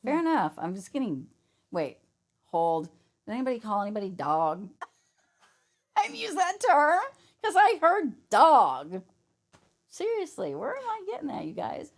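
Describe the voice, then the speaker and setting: A woman's voice: a little high, wildly swooping pitch, unhurried, pauses often. A woman working as a psychic medium, chatting casually on a podcast, laughing often and acting out quoted voices.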